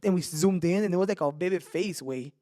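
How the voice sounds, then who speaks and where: Fast-talking high-voiced man telling ghost stories. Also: dry recording, clean studio sound. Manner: animated, swears a lot, mixes in Spanish slang. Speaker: podcast host. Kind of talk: casual storytelling chat.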